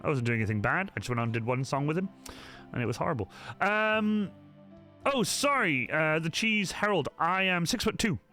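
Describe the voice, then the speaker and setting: Male streamer, rambling and halting, expressive pitch, light music underneath. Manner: rambling, hesitant, full of restarts and ums. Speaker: cosplayer streaming to viewers. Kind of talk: casual live-stream chat.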